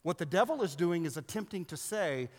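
A man preaches a sermon, lively and full of joking asides to his listeners. His voice sits a little high for a man. The sound carries a long reverb, like a large hall. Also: brisk. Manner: animated, joking asides to the congregation. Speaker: pastor.

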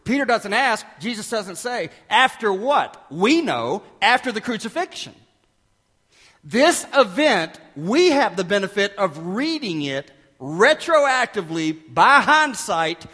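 A man preaching a sermon as pastor, emphatic and dramatic, dropping to hushed asides and rising again. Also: sits high, sing-song, unhurried, breathy edge, big-room sound.

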